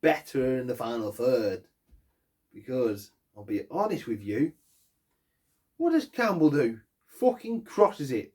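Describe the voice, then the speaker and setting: A man rants angrily about his team after a match, swearing constantly and leaning hard on each point. His pitch leaps up and drops low as he vents. He talks at an unhurried pace. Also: very animated, a little mellow. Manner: angry, heavy swearing, emphatic. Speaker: football fan vlogger. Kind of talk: post-match fan rant.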